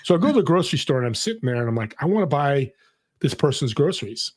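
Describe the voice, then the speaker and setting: A man's voice: on the high side, sing-song, quick pace, husky. A middle-aged man, a podcast guest, telling a personal story in an earnest, motivational way. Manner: earnest, motivational, acts out quoted people. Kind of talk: conversational storytelling.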